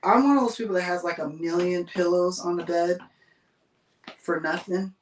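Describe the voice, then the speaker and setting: A chatty woman hosts a laid-back livestream, greeting viewers and reading out their comments with frequent laughter. Her voice sits at a middle pitch. It is heard in a roomy, echoing space, some distance from the mic. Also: normal speed, a little hiss or hum. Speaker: livestream host. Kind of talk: casual livestream chat.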